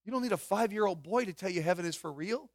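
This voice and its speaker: High bright-voiced guy preaching, gets loud then drops way down, dry close sound. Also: fast, dry recording. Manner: animated preaching, swings from loud to hushed; asks the congregation questions. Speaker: pastor. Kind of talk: sermon.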